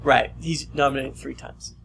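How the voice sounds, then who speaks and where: A man co-hosting a casual podcast, teasing his co-hosts and laughing easily. His voice is bright and sharp, with a faint hiss of noise underneath. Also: mid-range voice, fairly even intonation, moderate pace, vocal fry. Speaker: podcast co-host. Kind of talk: casual chat.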